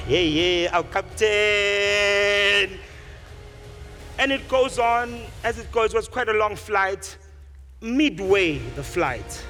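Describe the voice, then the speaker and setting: A man giving a motivational speech, telling a story and acting out the characters in it. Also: a little high. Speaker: speaker.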